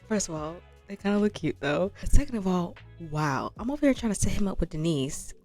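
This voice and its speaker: A woman hosting a game channel, chatting in an animated, slangy way and calling her viewers "y'all". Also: lowish voice. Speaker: gaming channel host. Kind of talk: casual let's-play commentary. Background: faint background music.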